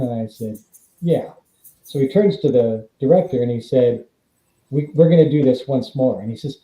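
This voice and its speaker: Speaking a little fast in a mid-range voice, a middle-aged man who was once a stuntman recounts stories as a podcast interview guest. He acts out quoted dialogue in his animated telling, and the audio is reverberant and dull.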